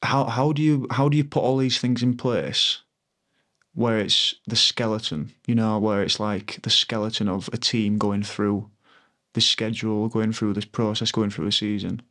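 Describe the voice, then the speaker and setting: A man in his thirties, a former rugby player, talking reflectively and earnestly in a podcast interview, often pausing to find his words. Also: fairly low pitch, fairly even intonation, a bit bright.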